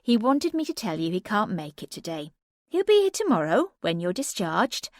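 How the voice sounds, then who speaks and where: Woman doing a bright, brisk nurse. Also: medium pitch, very animated, no room sound, studio quality, lightly acted.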